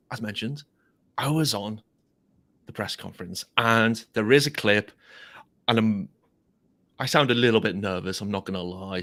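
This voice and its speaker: A man's voice: on the low side, pushed and bright. An English man hosting a casual podcast, chatty and self-deprecating, rambling a little as he talks. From England. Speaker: podcast host. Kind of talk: casual chat. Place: home studio in a converted garage.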